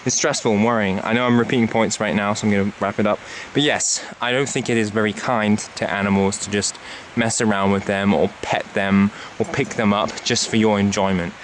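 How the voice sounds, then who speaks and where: Recorded on a handheld camera, this man's lowish voice stays steady and brisk, with hardly any pauses, as he vlogs his way up a hiking trail. He's slightly out of breath from the climb, and his casual talk wanders and muses, packed with fillers. A little hiss or hum sits underneath.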